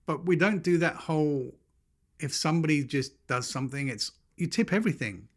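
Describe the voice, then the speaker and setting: A man's voice: fairly high pitch, normal speed. A man with a London accent, co-hosting a podcast and telling stories in casual chat, acting out the people he quotes. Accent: London English. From England. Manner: dry, storytelling, mimics others in quoted voices. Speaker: podcast co-host.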